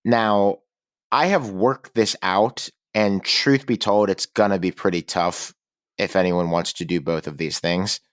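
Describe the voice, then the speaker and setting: A man's voice: deep voice, measured pace, dry recording, clean studio sound. A man co-hosting a casual college football podcast, chatting and reading sponsor spots with enthusiasm. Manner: conversational, reads sponsor reads with enthusiasm. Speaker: podcast co-host. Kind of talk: casual sports podcast talk.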